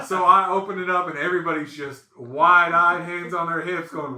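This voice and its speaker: A man hosting a podcast, telling stories in a casual, animated way and acting out the voices in them. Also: on the high side, moderate pace, hardly any pauses, reverberant, crowd noise. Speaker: podcast host. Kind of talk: casual storytelling chat.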